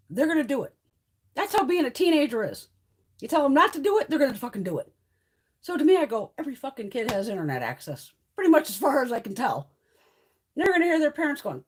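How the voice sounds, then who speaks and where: Husky, high-voiced woman ranting profanely. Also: very animated, a little fast. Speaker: beauty vlogger hosting a livestream. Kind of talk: casual livestream chat.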